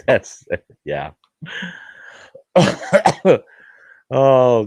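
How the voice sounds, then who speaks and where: A man's voice: low voice, expressive, unhurried, dry recording. A man hosting a casual show, telling folksy stories with laughs and acted-out quotes. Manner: folksy, laughing storyteller who acts out quoted voices. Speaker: show host. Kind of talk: casual storytelling chat.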